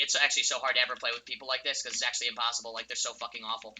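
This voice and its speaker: Profane, furious young male gamer, piercingly bright. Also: mid-range voice, steady tone, rapid-fire, hardly any pauses. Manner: furious, profane, yelling insults at other players. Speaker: game streamer. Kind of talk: ranting gameplay commentary and personal storytelling.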